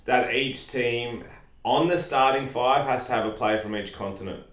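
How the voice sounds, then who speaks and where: A man's voice: medium pitch, moderate pace, a bit bright. A man, guesting on a casual podcast and joking in a dry, laid-back way. His voice sits in an ordinary middle range. He is heard in an echoey room. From Australia. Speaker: guest YouTuber. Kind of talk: casual comedic chat.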